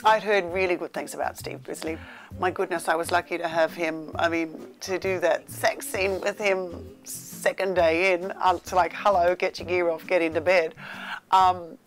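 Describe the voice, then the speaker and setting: A woman's voice: on the low side, fairly even intonation, moderate pace. A woman, an actress, chatting cheekily in a behind-the-scenes interview. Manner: cheeky, gossipy. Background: background music.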